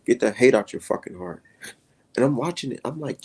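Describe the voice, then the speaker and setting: A man hosting a live stream, ranting heatedly with lots of profanity and sudden jumps in pitch. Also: expressive, brisk, a little mellow, husky.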